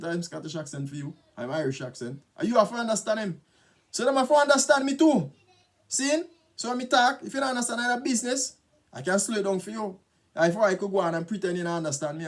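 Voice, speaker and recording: A man with a Jamaican accent talking casually to camera in a relaxed, chatty way, slipping into patois and often asking "you know?". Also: medium pitch. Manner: relaxed, chatty, mixes patois into English, frequent tag questions. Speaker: vlogger. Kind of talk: casual spoken monologue to camera.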